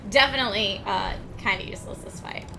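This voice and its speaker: A woman streamer talking her way through a video game live, thinking aloud with quick laughs. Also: medium pitch, noisy background. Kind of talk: live gameplay commentary. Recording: game music playing behind.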